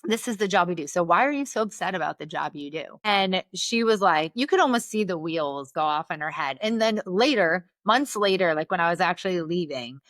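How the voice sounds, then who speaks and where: A woman speaking as a guest on an interview show, her voice sitting somewhat low and recorded dry and close. She tells her stories in an animated way, tagging sentences with "right?" and filling gaps with "like.". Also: a little fast, few pauses, no echo. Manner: animated, fills speech with "like" and "right?". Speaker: guest, Navy physician. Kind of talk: conversational interview storytelling.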